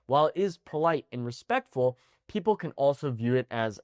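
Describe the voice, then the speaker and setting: A man teaching an online language lesson, animated and often checking in with "okay?". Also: mid-range voice, fairly quick, hardly any pauses, dry recording, studio quality. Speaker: Spanish teacher.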